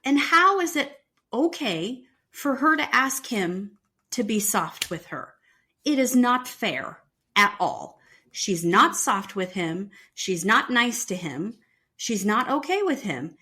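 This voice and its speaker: A woman's voice: a little high, expressive, takes it slowly, sharp tone. A woman co-hosting a podcast, chatting casually and arguing her points emphatically. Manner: emphatic, argumentative. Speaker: podcast co-host. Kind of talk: casual chat about a reality show.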